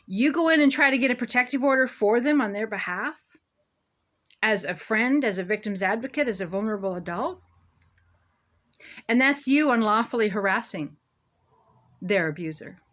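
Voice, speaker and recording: A woman's voice: fairly high pitch, fairly bright tone. A woman delivering a sarcastic, emphatic ranting monologue as a local commentator. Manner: sarcastic, emphatic, self-mocking.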